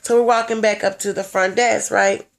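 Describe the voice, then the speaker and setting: A woman's voice: mid-range voice, steady tone, moderate pace, gravelly. A young woman telling a story in a blunt, brash way, swearing freely. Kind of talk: casual profane storytelling.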